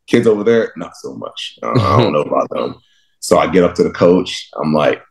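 A young man from Texas with a low, deep voice tells stories from his football life in a relaxed interview. He is animated, laughs often and acts out his younger self in his own words. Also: normal speed, gravelly. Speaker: guest, professional football linebacker. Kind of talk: casual interview storytelling.

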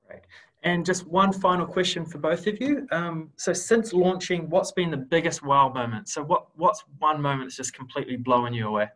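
A man's voice: on the high side, normal speed, fairly bright tone, low-quality recording. A man hosting a webinar, asking questions and wrapping up in a friendly, upbeat way. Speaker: webinar host.

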